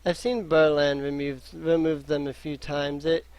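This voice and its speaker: A man voicing a busy middle-aged male sage who talks briskly but stumbles over names. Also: on the high side, level tone, a little mellow, clear, resonant tone, dry recording. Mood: matter-of-fact.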